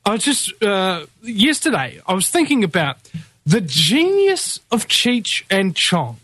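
Brief: male radio host, higher voice, dry close mic, rambling rants. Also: sing-song, measured pace, sharp tone, no room sound. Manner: rambling, opinionated ranting. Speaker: radio talk show host. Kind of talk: live talk radio chat.

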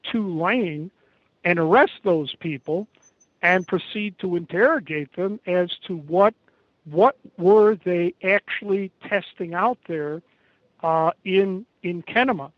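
An American man giving a halting, emphatic interview over an internet call, pausing often. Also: sits high, no room sound. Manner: halting, emphatic, many pauses. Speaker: interview guest. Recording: dull lo-fi internet call audio.

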